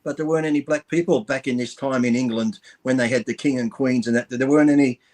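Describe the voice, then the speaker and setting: A man's voice: medium pitch, fairly even intonation, fast talker, darkish tone. A male co-host in a casual talk. He rambles through stories and swears freely as he goes. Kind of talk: casual chat.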